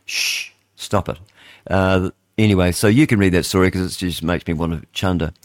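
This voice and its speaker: A man, hosting talk radio in a chatty, rambling way, reading headlines aloud and thinking out loud. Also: low-pitched, fairly even intonation, fairly quick, no echo, studio quality. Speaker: radio host. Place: radio studio.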